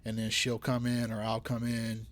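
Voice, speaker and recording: A man's voice: mid-range voice, monotone, normal speed. Casting note: young male co-host, loose rambling delivery, mid-range voice. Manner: rambling, many restarts, teasing. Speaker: podcast co-host. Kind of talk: casual chat.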